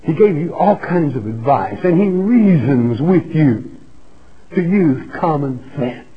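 A man delivers a sermon at an unhurried, deliberate pace, and his voice sits fairly high. He stresses single words and keeps putting questions to his listeners. The recording sounds dull and lo-fi. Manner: slow, emphatic, asks the listeners questions. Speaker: preacher.

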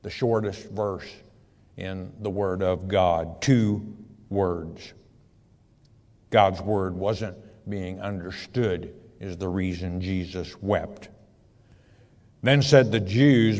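Slow, low-voiced man preaching in a hall. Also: a little mellow. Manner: reads scripture, then explains it plainly. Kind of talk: verse-by-verse Bible teaching.

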